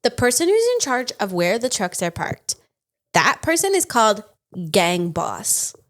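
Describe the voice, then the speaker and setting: Playful, higher-voiced woman on a podcast. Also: big pitch swings, unhurried, fairly bright tone. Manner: playful, repeats phrases for comic effect. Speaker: podcast co-host and producer. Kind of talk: casual chat.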